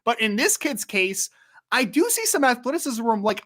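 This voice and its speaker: A man co-hosting a casual sports talk show, speaking in an animated, casual way. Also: extremely high pitch, a little fast. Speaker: co-host.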